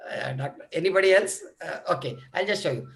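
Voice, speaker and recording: A middle-aged pediatric lecturer with a voice on the high side speaks fairly quickly, with vocal fry, in an online medical workshop about children's coughs. He demonstrates the coughs himself and uses many fillers.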